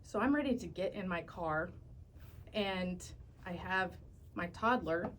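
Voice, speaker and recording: A woman in her thirties, a guest on a radio morning show, telling a personal story in a lively, animated way and laughing as she goes. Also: lowish voice, a little slow, slight background noise. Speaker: radio station graphic designer, guest. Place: radio studio.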